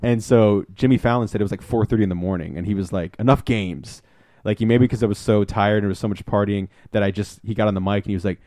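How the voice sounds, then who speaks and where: Man, podcast co-host, rambling excitable storyteller, casual swearing, low voice, dry close sound. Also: fast talker, no echo. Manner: rambling, excitable anecdote-telling with profanity.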